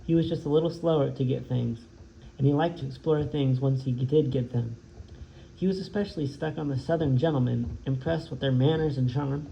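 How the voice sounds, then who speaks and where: A male teacher reads a novel aloud in a gravelly, mid-pitched voice. He keeps a steady read-aloud pace and often trips over a word before correcting himself. The recording sounds dull and lo-fi, with faint noise in the background. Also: a little fast.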